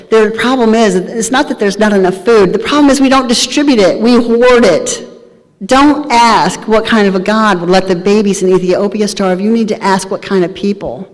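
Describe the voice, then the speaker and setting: Woman, 30s+, candid storyteller at a meeting, mid-range voice, reverberant hall. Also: medium pitch. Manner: candid, humorous, animated storytelling. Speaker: speaker sharing recovery story. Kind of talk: storytelling talk at a recovery meeting. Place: large hall at a live event.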